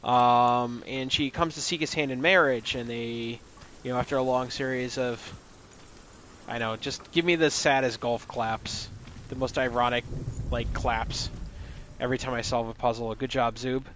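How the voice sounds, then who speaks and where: A man with a mid-range, fairly bright voice streams a game live, speaking at a normal speed with fairly even intonation over a slight hiss or hum. He retells a story in a loose, rambling, joking way, swearing plenty along the way.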